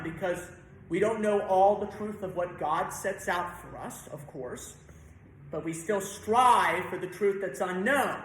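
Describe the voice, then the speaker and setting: A man's voice: high voice, a little slow, fairly bright tone, slight background noise. A man directing a choir rehearsal, breaking into song to demonstrate and stopping often to correct the singers. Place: church sanctuary. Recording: very echoey church room.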